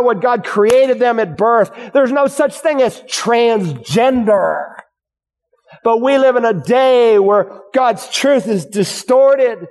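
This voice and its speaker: High-voiced preaching man in a reverberant hall. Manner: emphatic preaching with rhetorical questions; hushed prayer. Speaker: pastor. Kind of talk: sermon.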